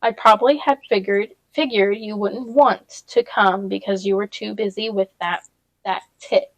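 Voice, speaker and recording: A woman reading aloud voices an eager young girl coming home, with an excited, pleading manner. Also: mid-range voice, moderate pace, dry recording, close to an everyday voice, poor audio.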